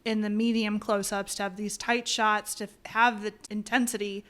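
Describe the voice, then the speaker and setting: Smooth-voiced woman podcast co-host. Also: medium pitch, little pitch movement, normal speed, a bit bright. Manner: thoughtful, explaining film technique. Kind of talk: casual chat.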